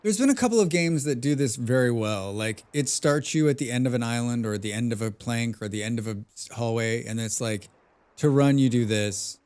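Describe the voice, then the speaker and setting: Expressive and brisk, this man's mid-range voice has a darkish, smooth tone. He's streaming a video game casually, rambling and poking fun at himself along the way.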